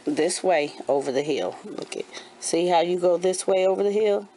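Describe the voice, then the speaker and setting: A woman in her forties, a homeschooling mother, gently coaching her kindergartner through a handwriting lesson at home and repeating each step patiently. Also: lowish voice, moderate pace, noisy background. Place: at home indoors.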